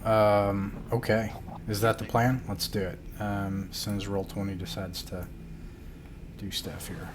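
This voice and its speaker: Laid-back male game master, low voice. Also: level tone, a little slow, background noise. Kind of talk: narrating a tabletop game.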